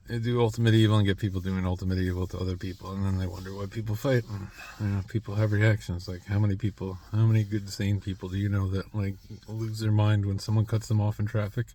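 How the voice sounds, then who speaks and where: Gravelly-voiced man rambling to camera. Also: fairly low pitch, flat delivery, a little fast, a little hiss or hum. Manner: rambling, restarts often, coughs between phrases. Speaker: vlogger. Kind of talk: rambling monologue.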